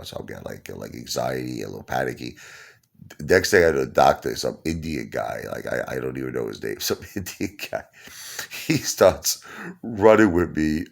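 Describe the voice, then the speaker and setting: A man telling a funny personal story in a rambling, animated way, repeating himself and laughing along. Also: a bass voice, brisk, vocal fry. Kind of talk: casual comedic storytelling.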